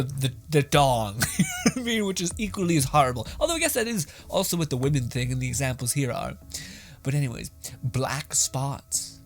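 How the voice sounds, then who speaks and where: A young man hosting a casual reaction show, rambling and laughing, crude and animated. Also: fairly high pitch.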